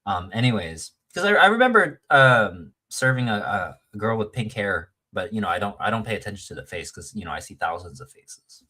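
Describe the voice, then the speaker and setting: A man's voice: fairly low pitch, sing-song, fairly quick, few pauses, sharp tone, slightly rough. A man telling a long story in casual chat, rambling with many fillers and restarts and acting out the quoted lines.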